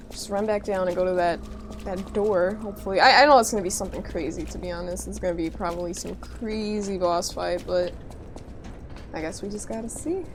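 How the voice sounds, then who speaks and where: This woman has a mid-range voice, heard against background noise. While streaming a game, she chats casually with her viewers, reads their messages aloud, and responds with playful mock outrage.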